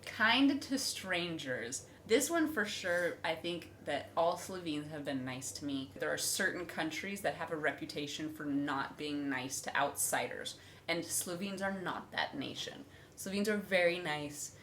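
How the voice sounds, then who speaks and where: A woman's voice: low voice, measured pace, a little hiss or hum. A young woman chatting casually on her vlog, telling stories and acting out other people's voices. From United States. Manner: animated storytelling, acting out voices. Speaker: vlogger. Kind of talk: casual chat.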